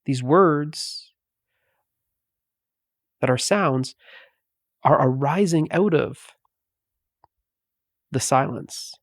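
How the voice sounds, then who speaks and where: A man giving a meditative spiritual talk, speaking softly with long pauses between phrases. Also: on the high side, no echo, studio quality. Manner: slow, pausing, softly spoken. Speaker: spiritual teacher.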